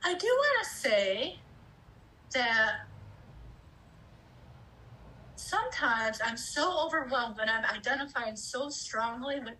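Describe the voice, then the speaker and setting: A woman's voice: fairly high pitch, animated, measured pace, sharp tone, poor audio. A woman in her fifties telling a candid personal story, acting out her own inner voices and swearing casually. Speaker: speaker sharing personal experience.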